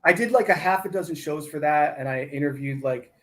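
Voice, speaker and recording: A middle-aged man from Michigan chats on a podcast, his voice sitting a little high for a man. He rambles through stories, stacking fillers and false starts as he goes. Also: a little fast. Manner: rambling storyteller with many fillers and restarts. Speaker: podcast guest, actor. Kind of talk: casual chat.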